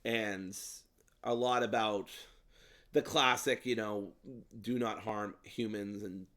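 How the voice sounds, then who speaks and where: A man's voice: lowish voice, steady tone, slow pace, fairly bright tone. A man co-hosting a casual movie review chat, rambling with lots of ums and some playful swearing. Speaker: podcast co-host.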